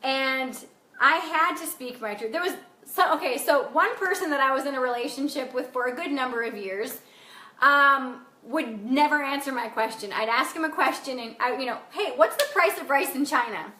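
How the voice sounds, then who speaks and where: High-voiced woman coach ranting bluntly on a live stream, echoey room. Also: pushed and bright. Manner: blunt and emphatic, swears casually. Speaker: life coach hosting a live video. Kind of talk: casual live-stream chat, reading comments.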